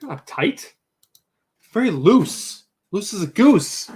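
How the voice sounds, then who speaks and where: A man co-hosting a casual livestream chat, talking in animated, defensive bursts that jump to loud exclaiming. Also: high voice, slow pace, husky. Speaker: co-host.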